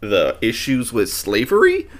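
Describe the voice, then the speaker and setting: A man's voice: medium pitch, wildly swooping pitch, measured pace. A man co-hosting a podcast, chipping in with dry jokes and short agreements in casual chat. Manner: dry joking asides, lots of short agreement. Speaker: podcast co-host.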